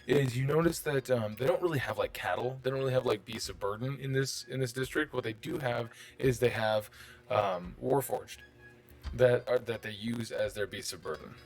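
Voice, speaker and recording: A man's voice: medium pitch, moderate pace, faint music behind. A man running a tabletop game, describing the scene in a rambling, casual way with lots of fillers. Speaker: game master.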